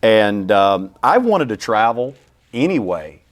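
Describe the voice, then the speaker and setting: A man with a Southern accent and a fairly low voice, talking as a guest in a casual interview. He stumbles and repeats words as he goes, and his tone stays humble and thankful. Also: sing-song, takes it slowly. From Louisiana, United States. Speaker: orchestra CEO, interview guest.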